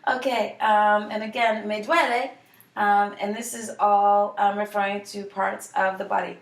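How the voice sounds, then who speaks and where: Slow-speaking teacher woman, echoey room. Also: mid-range voice, level tone. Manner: slow, drawn-out model phrases for repetition. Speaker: Spanish teacher. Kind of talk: online language lesson. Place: home.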